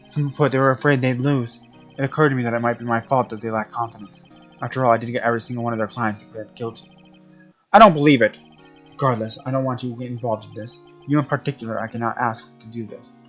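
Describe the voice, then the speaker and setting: A man voicing a cold, arrogant male prosecutor in a cool, condescending tone, a little lower than his usual voice. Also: steady tone, quick pace, lo-fi sound, soft background music, lightly acted.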